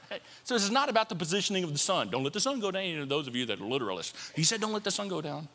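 A man preaching a sermon as a pastor, animated and playful, with jokes and asides. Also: sits high, fast talker. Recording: long hall reverb.

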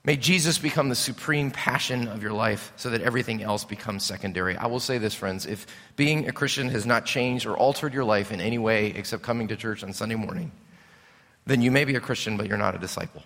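A man preaching a sermon as a pastor, impassioned, swinging between loud and hushed. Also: on the low side, fast talker. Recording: preached in a reverberant hall.

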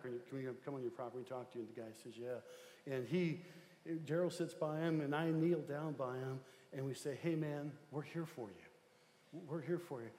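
A man who is a pastor, telling a story in a sermon, swinging between loud excitement and hushed tones. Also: medium pitch, roomy sound, big-room sound, slight background noise. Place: church sanctuary.

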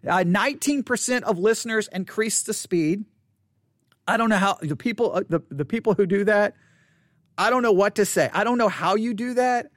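With a mid-range voice at normal speed, a lone podcaster discusses listener statistics into an up-close studio microphone, full of incredulous asides and restarts. The recording is dry.

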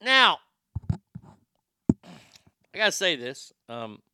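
A man hosting a show, ranting in a profane, comedic way and swinging from shouting to muttering. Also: on the high side, very animated, extremely slow, smooth, dry recording, studio quality. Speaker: show host.

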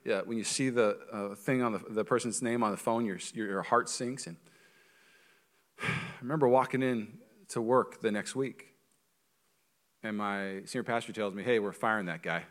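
With a lowish voice at normal speed and long pauses, a pastor in his thirties delivers a sermon. His style is conversational and joking, moving between quiet and loud.

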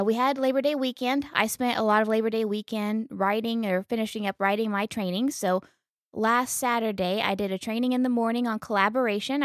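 A woman's voice: a little high, no echo, studio quality. A woman co-hosting a casual podcast, talking in an enthusiastic, teasing way. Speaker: podcast co-host.

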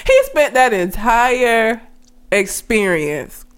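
A woman chatting casually with a bright, lively voice that swoops up and down. She tells stories in an animated, profane way and laughs often. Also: a little high, takes it slowly, clean tone. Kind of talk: casual chat.

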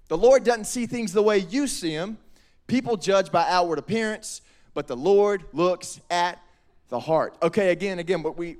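High-voiced, animated youth pastor. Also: male voice. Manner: energetic, slangy, acts out voices. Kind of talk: youth sermon.

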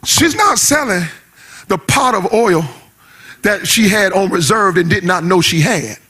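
A pastor preaching a sermon in a rising sing-song cadence, shouting at the peaks and talking in casual vernacular. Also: male voice, high voice, animated, measured pace, slightly rough. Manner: uses casual vernacular speech.

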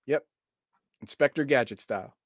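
A man's voice: mid-range voice, normal speed, no echo. A man co-hosting a casual chat with dry, wisecracking banter. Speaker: co-host.

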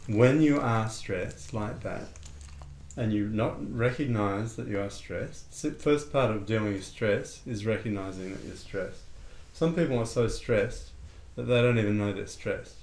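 A man leads a relaxed breathing lesson, calm and conversational. His voice sits low. The room has a noticeable echo and a faint background hum. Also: a little slow. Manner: calm, conversational, acts out little dialogues. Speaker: breathing and meditation teacher. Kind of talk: relaxed spoken lesson with a student. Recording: echoey room with faint ambient noise.

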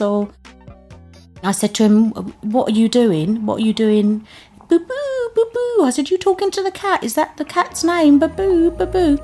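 A British woman with an earnest, plain-spoken, emotional delivery tells her own story as a mother. Her voice sits at an ordinary middle pitch. Music plays clearly underneath her voice. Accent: British English. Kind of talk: first-person storytelling.

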